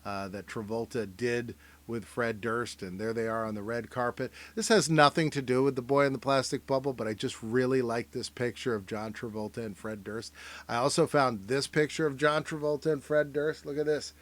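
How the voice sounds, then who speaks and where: A man's voice: medium pitch, fairly even intonation, moderate pace, a bit bright. A man hosting a casual, joking commentary show, rambling and sometimes trailing off into mumbles. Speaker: host.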